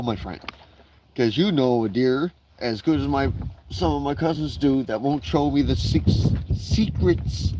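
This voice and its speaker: A man talks into his phone on a relaxed live stream from outdoors in his backyard. His speech is rambling and digressive, salted with casual profanity, at a middling pitch. Faint background noise sits behind his voice. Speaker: livestreamer.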